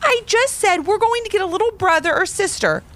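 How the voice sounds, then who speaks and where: A woman voicing an excited little girl in a storybook, talking in breathless, squealing bursts. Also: very high voice, a little fast, voice pushed up. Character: excited little girl wanting to be big sister.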